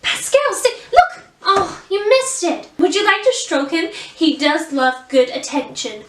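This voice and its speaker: A woman voicing a cheerful young princess with an American accent, bright and sing-song. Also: very high-pitched, measured pace, slight background noise. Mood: playful. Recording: roomy echo, mic at a distance.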